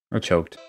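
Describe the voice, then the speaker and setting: A man reacting live as he plays a hard game level, with exasperated, self-scolding outbursts. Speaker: gamer playing a hard level.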